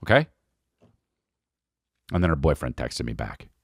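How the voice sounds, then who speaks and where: Male comic podcast host, lively pitch swings, dry close sound, profane storytelling. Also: unhurried, dry recording. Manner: animated, profane, rambling. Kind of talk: comedic storytelling.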